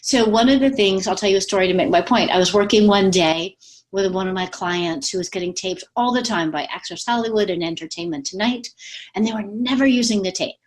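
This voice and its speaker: A woman's voice: mid-range voice, a little fast. Chatty woman giving voice coaching tips. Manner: lively, chatty, laughs easily. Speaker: communication coach. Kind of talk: casual advice talk. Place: home with pets.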